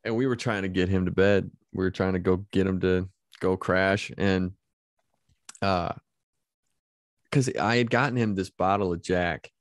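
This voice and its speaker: A male podcast host telling a story in casual chat, animated and laughing often, restarting his sentences as he goes. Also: deep voice, measured pace, pauses often, no room sound, clean studio sound.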